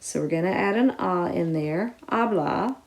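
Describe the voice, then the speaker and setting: A woman with a slightly low voice teaches a lesson one step at a time. She explains clearly and patiently and stresses the important words as she goes. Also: moderate pace. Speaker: Spanish teacher. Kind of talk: recorded classroom lesson.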